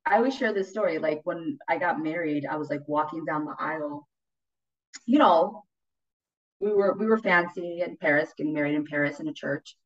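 A woman telling stories in casual podcast chat, animated, often acting out the voices of others and swearing freely. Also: low voice, moderate pace, highs cut off. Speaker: podcast host.

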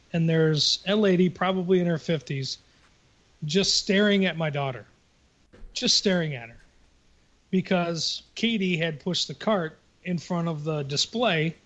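A man's voice: fairly high pitch, highs cut off. A man co-hosting a casual podcast chat, telling stories bluntly and with plenty of swearing. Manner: blunt, profane storytelling. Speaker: podcast co-host.

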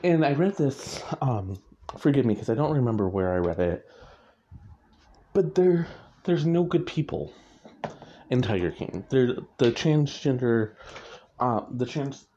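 A man's voice: mid-range voice, dark tone, slight background noise. A man, an author, talking casually about his writing in a rambling way, correcting himself and chuckling often. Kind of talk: casual chat. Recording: muffled lo-fi recording.

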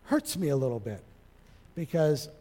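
A man preaching a sermon, animated, acting out little dialogues and swinging from loud to soft. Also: on the high side, normal speed. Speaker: pastor. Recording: long hall reverb.

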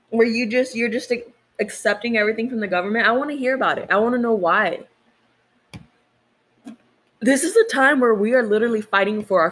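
A woman's voice: a little high, a bit bright. Outspoken woman on a casual podcast. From United States. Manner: outspoken, swears freely. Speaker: podcast co-host. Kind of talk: casual chat.

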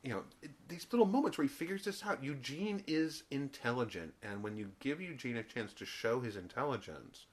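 Animated male podcast co-host. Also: mid-range voice, a little fast, few pauses. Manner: animated, jumps into voices when retelling. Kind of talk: casual podcast chat.

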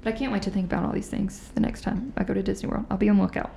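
Rapid-fire and gravelly, this medium-pitched woman's voice tells ghost stories on a podcast amid slight background noise. Her delivery is chatty and animated, a casual mix of conversation and storytelling.

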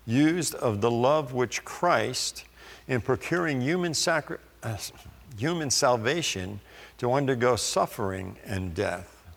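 A man preaching a sermon, reading scripture slowly and deliberately with pauses. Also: mid-range voice, lively intonation, gravelly, in a large hall.

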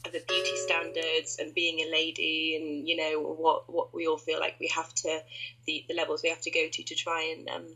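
A woman's voice: sits low, monotone, normal speed, pushed and bright, slight background noise, rough recording. A British woman in her twenties, a podcast guest chatting casually and thinking aloud with a self-deprecating manner. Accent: British English. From Britain. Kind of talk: casual chat.

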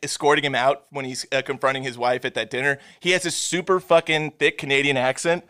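A man co-hosting a casual movie-review chat, insistent and quick to argue his point. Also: mid-range voice, fairly even intonation, pushed and bright. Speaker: podcast co-host.

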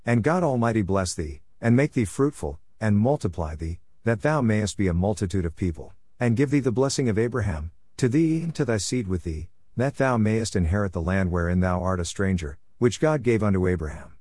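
Aged father figure, solemn and measured, low voice, read plainly by a man. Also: animated, darkish tone, dry recording, studio quality. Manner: solemn King James cadence. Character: aged blind father blessing his sons.

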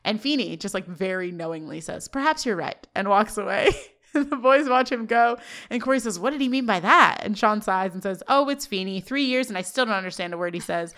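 A woman co-hosting a casual podcast, recapping scenes quickly and laughing often. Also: medium pitch. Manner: animated, laughs often, quick paraphrasing of dialogue. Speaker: podcast co-host.

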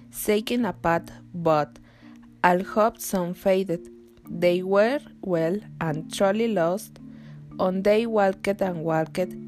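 A woman reading a fairy tale aloud in a slow, steady manner. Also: lowish voice. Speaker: story reader. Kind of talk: storybook reading.

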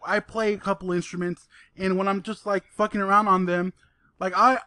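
High-voiced young man, dry close sound. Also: flat delivery, a little fast, sharp tone, no room sound. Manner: hesitant, repeats words, laid-back. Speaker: podcast co-host. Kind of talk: casual chat.

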